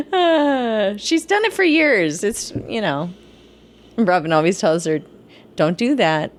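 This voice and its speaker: A woman's voice: a little high, big pitch swings, slow, a little hiss or hum. A woman co-hosting a podcast in casual chat, giggling often as she talks. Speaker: podcast co-host.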